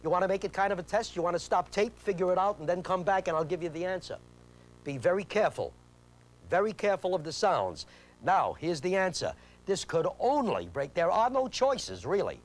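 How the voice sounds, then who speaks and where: A man's voice: high-pitched, very animated, a little fast. A man teaching a memory technique on an instructional video, speaking emphatically, repeating his key points and quizzing the viewer. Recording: 1980s VHS instructional tape.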